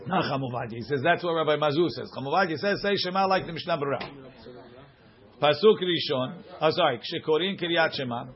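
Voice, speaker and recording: Man, religious law teacher, rapid delivery, reads then explains casually, dull lo-fi recording. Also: a little high. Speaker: Torah class teacher. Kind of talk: religious law class, reading and translating.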